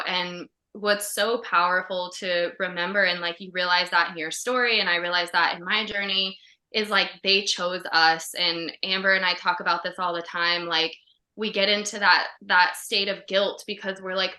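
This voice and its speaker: Give me a chatty woman co-host with a piercing bright tone, recorded in a roomy space. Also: on the low side, steady tone, moderate pace. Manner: chatty, heartfelt, heavy on fillers. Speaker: podcast co-host. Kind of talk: casual podcast chat.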